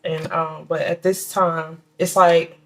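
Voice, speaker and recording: A woman giving a casual tarot reading, talking in a chatty, halting way with many restarts and fillers, and slowing down to name the cards. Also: sits low, little pitch movement. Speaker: tarot reader.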